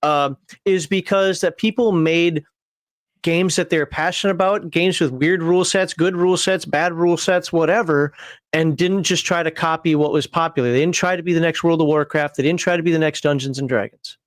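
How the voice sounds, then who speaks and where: A man's voice: a little high, steady tone, fairly quick, no echo. A man hosting a livestream panel show, reading viewer comments aloud and giving wry, opinionated takes with frequent fillers.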